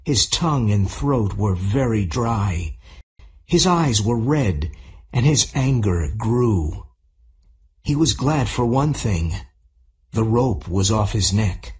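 Slow, deliberate male audiobook narrator. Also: on the low side, lively intonation, a little mellow. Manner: slow, clear, deliberate reading. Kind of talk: scripted audiobook narration for English learners.

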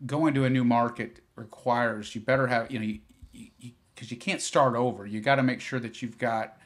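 A man's voice: medium pitch, fairly quick. Guy from iowa chatting on a podcast, loose and rambly, lots of ums and restarts. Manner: relaxed, rambling with many fillers and restarts. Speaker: guest, business founder. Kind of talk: podcast interview.

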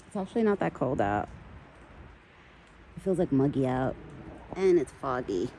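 A woman's voice: very deep voice, very animated, normal speed, mellow, a little hiss or hum, rough recording. A woman vlogging outdoors in a foggy forest, chatting casually and talking to a deer in affectionate pet talk. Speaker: vlogger feeding a wild deer. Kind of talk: casual outdoor chat to camera and to an animal.

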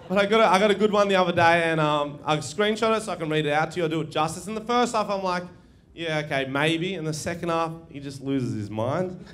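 A man's voice: fairly high pitch, fairly quick, a bit bright, a little hiss or hum. A young man doing a stand-up comedy set, brash and swearing, laughing at his own jokes. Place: live comedy venue with audience.

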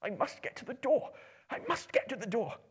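A man's voice: extremely high pitch, very animated, a little fast, slightly rough, pitched above the performer's own voice, exaggerated voice. A man voicing a small, anxious male hobbit who frets and mutters to himself. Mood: desperate.

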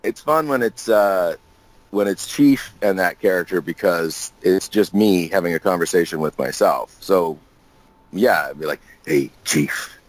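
A man's voice: sits low, normal speed, no echo, rough recording. A man being interviewed as a guest actor, telling loose, jokey stories in casual chat with plenty of laughs and restarts.

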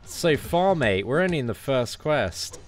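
A British man doing live, chatty commentary on his own gameplay during a stream. He is excitable and swears mildly. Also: medium pitch, unhurried. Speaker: game streamer.

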